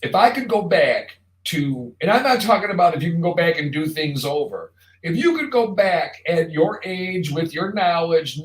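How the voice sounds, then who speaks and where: A man hosting a live online show, talking casually in a rambling, jokey monologue straight to the viewer. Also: on the high side. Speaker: show host. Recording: roomy echo.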